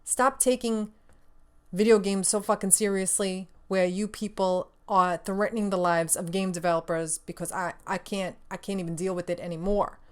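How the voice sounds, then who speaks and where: A woman's voice: mid-range voice, fairly even intonation, moderate pace, clear, resonant tone. A young adult woman hosting a casual gaming news show, ranting in a sassy, profane, exasperated way and laughing often.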